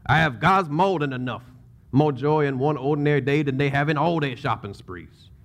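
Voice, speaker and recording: A man reading a psalm in a put-on Cajun accent, slow and drawn out. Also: a little high, lightly acted. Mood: earnest.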